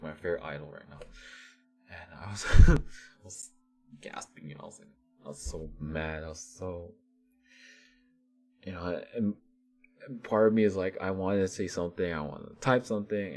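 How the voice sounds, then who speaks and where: A man's voice: sits low, darkish tone. A man vlogger giving casual, rambling commentary with many restarts and fillers.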